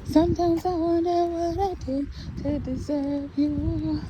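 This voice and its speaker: A woman's voice: sits high, steady tone, unhurried. A woman chatting playfully in baby talk while she walks outdoors, vlogging on a handheld camera. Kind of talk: casual vlog chat while walking with a baby. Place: outdoors by water in a city park. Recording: faint outdoor noise.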